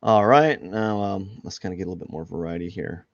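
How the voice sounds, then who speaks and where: A man's voice: sits low, brisk, no echo. A man who is an artist chatting casually during a live drawing stream, rambling with many restarts and fillers, and laughing at himself. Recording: dull lo-fi dry sound.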